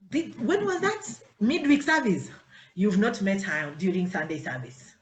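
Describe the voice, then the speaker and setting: At a measured pace and mid-range pitch, a pastor's wife offers her worship team an informal church teaching. She's animated, performing dialogues in changing voices. The room is echoey and the audio poor.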